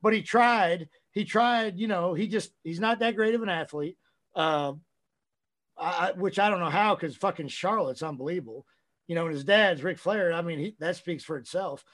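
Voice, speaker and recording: A man with a high voice rambles through a casual podcast chat. He swears freely, telling stories loosely and with energy. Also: normal speed. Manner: profane, rambling, animated storytelling. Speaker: podcast guest, wrestler.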